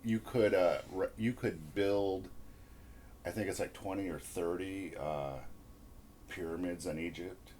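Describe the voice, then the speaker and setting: A young man co-hosting a casual podcast, trading crude, teasing jabs and deadpan remarks. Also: low voice, a little slow, a little hiss or hum. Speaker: podcast co-host. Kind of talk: casual chat.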